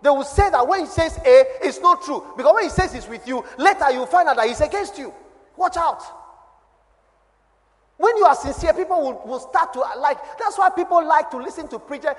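A man with a Ghanaian accent preaching a sermon as a pastor, his voice dropping low and then swelling loud. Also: animated, a little fast. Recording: long hall reverb.

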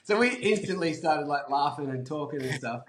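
A man with an Australian accent, a guest telling a story in a casual, animated way, swearing freely and saying "like" and "um" a lot. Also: a little high, normal speed, roomy sound, a little hiss or hum. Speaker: guest, brand founder.

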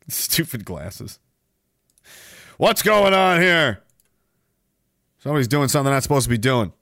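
A man's voice: medium pitch, vocal fry, fairly bright tone, no room sound, studio quality. A man hosting a live stream, ranting sarcastically in a mocking, rambling way. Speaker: streamer host.

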